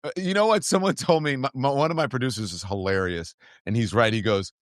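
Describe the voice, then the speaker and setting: A man's voice: medium pitch, fast, no room sound. Storytelling male podcast host, dry sound. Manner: animated storyteller, acting out quoted exchanges. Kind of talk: casual political chat.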